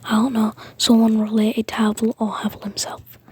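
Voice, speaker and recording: A woman's voice: on the high side, monotone, moderate pace, darkish tone, husky. A woman whispering a rambling story, with frequent fillers and restarts.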